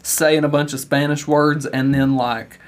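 A young man co-hosting a podcast in casual chat, talkative, swearing casually and quick to laugh. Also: fairly high pitch, flat delivery. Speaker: podcast co-host.

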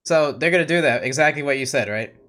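Podcast guy with a bright sharp voice, kinda hesitant, trips over his words. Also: mid-range voice. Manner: hesitant, halting starts. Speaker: podcast co-host. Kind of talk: casual wrestling podcast chat.

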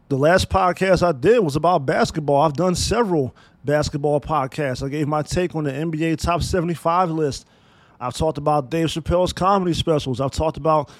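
A man in his thirties from Maryland hosts his own podcast in a blunt, emphatic monologue full of swearing. His voice sits a little high for a man, and the sound is close and dry with no room echo. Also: a little mellow. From Maryland, USA. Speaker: podcast host. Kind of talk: opinionated solo podcast monologue.

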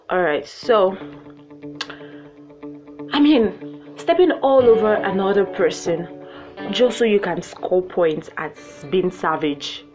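A young woman hosting her own podcast in a playful, animated way, jumping to high excited exclamations. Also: measured pace. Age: young adult. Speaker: podcast host. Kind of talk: casual solo podcast chat. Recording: muffled lo-fi with faint music.

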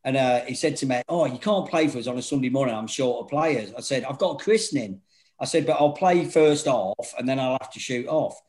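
A middle-aged man speaks briskly in a mid-range voice, trading rowdy anecdotes in casual talk. He's animated, laughs a lot and swears without restraint.

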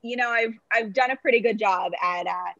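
Her voice sits on the high side, bright and forceful, and she talks fairly quickly. She's a late-twenties marketing director from the Boston area, an articulate, upbeat podcast guest with a neutral voice, chatting casually via remote call. The audio is dry and muffled.

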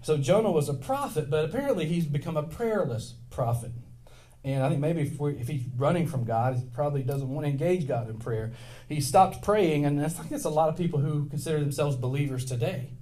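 A male pastor delivers a sermon in a lively, conversational manner, calling on the congregation to answer back. His voice sits a little high for a man. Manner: conversational, animated, invites congregation responses.

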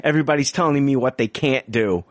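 A man's voice: medium pitch, quick pace, dry recording. A man co-hosting a podcast, ranting with heavy swearing and mocking voices in casual chat. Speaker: podcast co-host.

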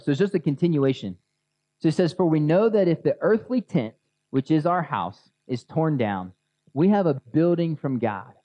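A man's voice: mid-range voice, warm tone, no room sound. A man preaching a sermon in a casual, conversational way, guiding his listeners to imagine scenes. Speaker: pastor. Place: outdoors near a grassy area with children. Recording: dull lo-fi sound.

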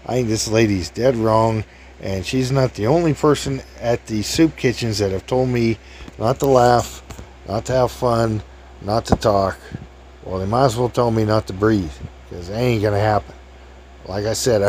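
A man's voice: on the low side, steady tone, moderate pace, a little mellow, slight background noise. A man in his fifties telling a casual anecdote in a chatty, jokey way, laughing at his own stories. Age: 50s.

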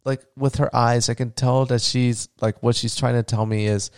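A man's voice: mid-range voice, little pitch movement, a little slow, vocal fry, darkish tone, clear, resonant tone, dry recording, clean studio sound. A man hosting a casual solo podcast, rambling and heartfelt, with many fillers, and tender and emotional when he talks about his child. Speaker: podcast host.

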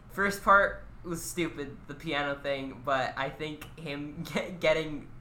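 A woman's voice: low voice, slow pace, sharp tone, slight background noise. A woman co-hosting a podcast in casual chat, dry and sardonic. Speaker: podcast co-host.

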